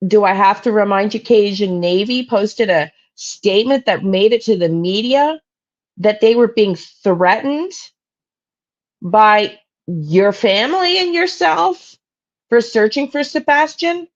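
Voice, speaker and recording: A woman's voice: medium pitch, slow, dull audio. A woman hosting a true crime channel, ranting bluntly and angrily with plenty of profanity on a live stream. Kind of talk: live-stream soapbox rant.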